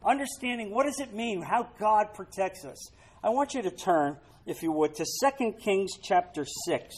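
A man's voice: high-pitched, expressive, moderate pace, breathy edge, rough recording. A man preaching a sermon, reading scripture aloud and breaking into dramatic, emphatic asides to the congregation. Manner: dramatic, rising to loud emphatic peaks. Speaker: pastor.

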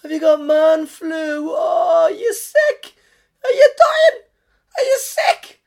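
A man puts on a woman pharmacist who coos over a customer's cold in a squealing, sky-high voice. She stretches every word into loud, pitying baby talk and swings wildly up and down as she mock-frets. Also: big pitch swings, slow pace, full character voice.

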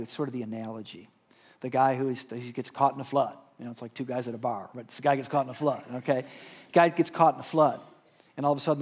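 Man, pastor, husky voice, animated sermon storytelling, shifts from loud to hushed. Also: medium pitch. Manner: animated storyteller, shouting the story's lines, dropping to a hush. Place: church hall.

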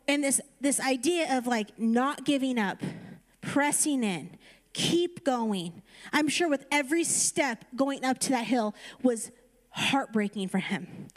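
A woman preaching a conversational sermon, retelling a story casually and then urging her listeners on. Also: sits high. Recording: reverberant hall.

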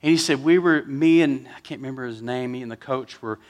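Pastor telling a story in a sermon. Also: male voice, mid-range voice, a little fast, a little mellow. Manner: storytelling, emotional, chokes up.

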